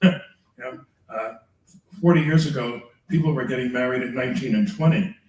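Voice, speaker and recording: An older man, a priest, lecturing teachers in a chatty way, chuckling often and tagging his points with quick questions to the room. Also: mid-range voice. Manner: chatty, chuckling, tags remarks with "all right?". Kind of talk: lecture with personal anecdotes. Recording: echoey room, mic far off.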